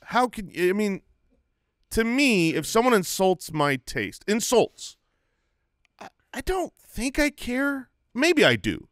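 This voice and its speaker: Bright-voiced man ranting for laughs. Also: sits high, big pitch swings, takes it slowly, no echo, studio quality. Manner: opinionated, mock-outraged rants. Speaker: podcast co-host. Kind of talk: casual comedy banter.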